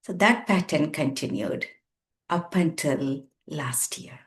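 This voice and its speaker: A woman's voice: low-pitched, animated, takes it slowly. A woman in her sixties, a counsellor, sharing a personal story in an earnest, emphatic way and repeating words for weight. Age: 60s. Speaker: counsellor and therapist. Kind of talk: reflective personal talk to camera.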